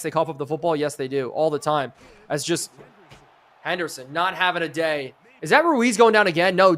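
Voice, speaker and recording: A man live-streams a football video game, calling every play with energetic sportscaster flair. His voice is a little higher than most men's, and he pauses to thank and chat with viewers as the host.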